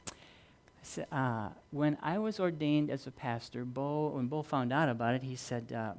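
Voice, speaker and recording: In an unhurried sermon, a middle-aged male preacher tells stories earnestly, sometimes raising his voice for emphasis and sometimes dropping into quiet, low-key delivery.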